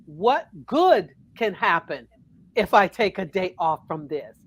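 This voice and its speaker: A woman from Connecticut, a minister, giving earnest counsel in a calm, preacherly way on a talk show. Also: on the low side, slow pace, slightly rough. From Connecticut, USA.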